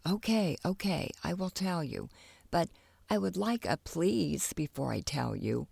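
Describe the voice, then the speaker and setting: A woman's voice: on the low side, lively intonation, unhurried, creaky, darkish tone, slightly rough, full character voice. A woman voicing a boastful, careless young boy in a children's storybook, cocky and chatty.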